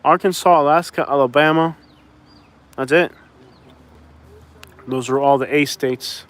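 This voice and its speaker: A man from Miami, Florida vlogs to camera in a higher voice at a measured pace. His chat is casual and full of jokes, meandering between ideas as he addresses his viewers as y'all.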